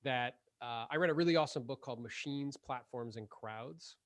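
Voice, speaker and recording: A man's voice: mid-range voice, normal speed, dry recording. A man hosting a podcast, chatting casually and animatedly with his guest, laughing often and leaning on "like". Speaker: podcast host. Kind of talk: casual interview chat.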